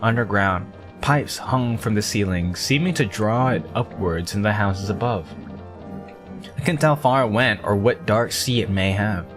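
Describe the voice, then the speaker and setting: Guy streamer reading game text out loud, lowish voice, soft music behind. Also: moderate pace. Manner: reads narration and dialogue, jumps up in pitch for characters. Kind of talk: reading a game's dialogue aloud on stream.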